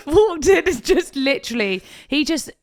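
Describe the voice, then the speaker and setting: A woman's voice: high voice, expressive, slow, darkish tone, slight background noise. A woman co-hosting a podcast in casual chat, telling stories with frequent laughter and emotion. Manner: chatty storyteller, laughs often, emotional. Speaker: podcast co-host, wedding planner.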